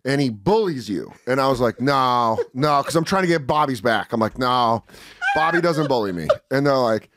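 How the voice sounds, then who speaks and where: A man in his forties chats as a comedian guest on a podcast, telling an anecdote and doing quick voices for each person in it. His voice sits mid-range but swings up and down with energy. The sound is dry and close, with no room behind it. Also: mid-range voice, dry recording. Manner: animated storyteller acting out other people's lines. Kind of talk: casual podcast chat. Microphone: studio podcast mic.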